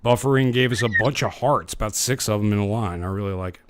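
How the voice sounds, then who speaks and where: A man hosts a live show, joking and laughing between viewer comments as he reads them out in a casual stream chat. He has a lowish voice and talks fast, with a clean tone and no echo.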